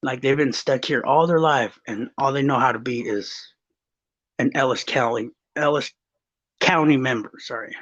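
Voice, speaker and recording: Husky storytelling man from Texas. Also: mid-range voice, moderate pace, fairly bright tone. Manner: rambling, swearing, storytelling. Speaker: guest. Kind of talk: casual podcast chat. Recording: slightly muffled recording.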